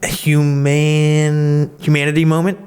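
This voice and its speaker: A man's voice: fairly high pitch, flat delivery, slow, darkish tone, smooth. A man co-hosting a podcast, teasing his friends with crude banter in casual chat. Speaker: podcast co-host.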